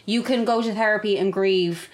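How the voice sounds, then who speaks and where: A woman's voice: mid-range voice, normal speed. Blunt, sweary woman podcast co-host, tipsy. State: drunk. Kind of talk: casual podcast chat.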